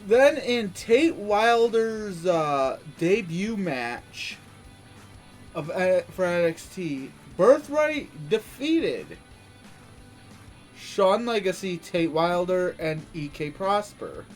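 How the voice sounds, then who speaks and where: A man's voice: high voice, sing-song, very slow, faint music behind. A man giving a casual, rambling wrestling recap, full of fillers and restarts.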